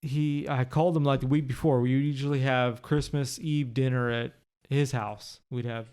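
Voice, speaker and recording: A man's voice: medium pitch, steady tone, normal speed, darkish tone, smooth. A man talking as a podcast guest in his home, telling a personal story in a blunt, profane, rambling way. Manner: blunt and profane, with many fillers. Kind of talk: candid conversational storytelling. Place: living room of his home.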